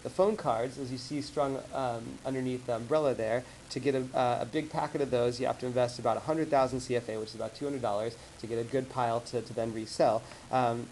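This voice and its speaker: A man giving a casual slideshow talk to colleagues, rambling and animated as he tells stories. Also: mid-range voice, a little hiss or hum, rough recording. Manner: rambling, animated storytelling with acted-out quotes. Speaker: presenter. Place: office meeting room.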